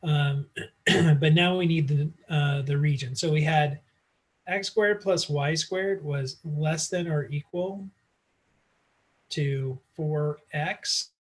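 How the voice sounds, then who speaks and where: A man's voice: on the high side, takes it slowly. A man teaching math in a casual online lecture, working through problems aloud with frequent fillers, recorded on a computer mic. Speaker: math instructor.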